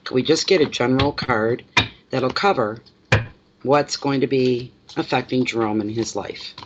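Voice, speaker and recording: A woman's voice: extremely low pitch, normal speed, dull audio, background noise. A middle-aged woman reading tarot live from home, chatty and rambling as she talks to viewers. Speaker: tarot reader. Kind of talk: casual live reading chat. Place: home at night.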